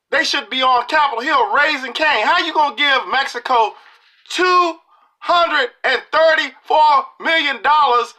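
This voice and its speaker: Fiery, bright-voiced man preaching. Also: very high voice. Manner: preachy and emphatic, colloquial, repeats lines for punch. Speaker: political video commentator. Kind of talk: impassioned political monologue.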